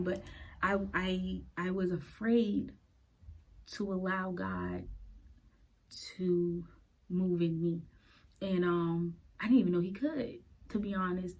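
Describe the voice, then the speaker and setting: A woman in her late twenties hosting a podcast. She tells her personal faith story in an earnest, halting way and is close to tears. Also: lowish voice, a little mellow, low-quality recording. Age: late 20s. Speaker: podcast host.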